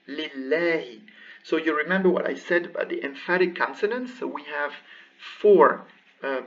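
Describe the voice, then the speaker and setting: A man teaching a recorded language lesson, slowly reading words aloud and repeating them for practice. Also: on the high side, a bit bright. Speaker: Arabic teacher. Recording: distant, dull lo-fi mic.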